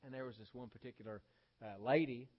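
A male preacher delivers a sermon in a folksy, emphatic manner and keeps throwing rhetorical questions at his listeners. His voice sits at an average pitch. The recording sounds dull and lo-fi. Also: steady tone, quick pace.

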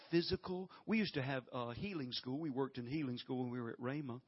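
A middle-aged man preaching a sermon as a guest preacher, folksy and animated, breaking into loud laughter. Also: medium pitch, husky, muffled recording.

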